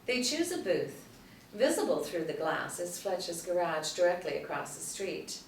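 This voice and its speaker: Woman narrating stage directions, very low voice, steady reading, roomy, far from mic. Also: normal speed. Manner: steady, plain reading of action lines. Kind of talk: screenplay table read narration. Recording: roomy, distant mic, faint background hum.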